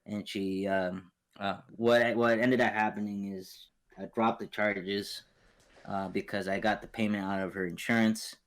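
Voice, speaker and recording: A young man with a low voice tells a story to his friends in a loose, rambling way. He restarts sentences, swears and drops slang. He keeps it casual and chatty. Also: flat delivery, unhurried. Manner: rambling, swearing, laughing asides. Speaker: podcast co-host.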